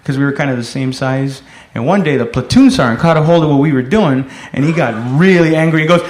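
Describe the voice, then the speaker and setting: A man performing a stand-up comedy set, telling stories in a rowdy way and bursting into loud shouted voices. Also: on the high side, fast talker, hardly any pauses, roomy sound.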